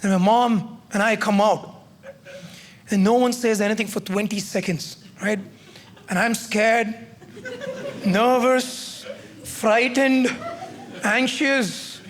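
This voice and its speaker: Very high-voiced male stand-up comedian. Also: slow, pauses often. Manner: animated storytelling with tag questions. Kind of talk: stand-up storytelling. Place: comedy club stage with live audience.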